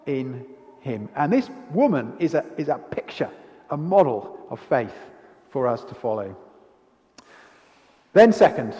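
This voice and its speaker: A man's voice: a little high, mellow. A man preaching an expository sermon in a church, asking the congregation questions. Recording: reverberant church hall.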